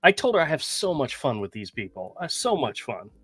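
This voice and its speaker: A man telling a story in a casual podcast chat, animated and swearing freely. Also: mid-range voice, fairly quick, crowd noise. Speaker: podcast co-host.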